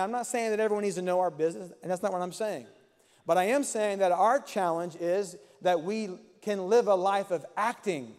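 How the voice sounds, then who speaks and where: A man's voice: sits high, darkish tone, big-room sound. A man preaching a sermon as pastor, with an impassioned, repetitive cadence in a church sanctuary.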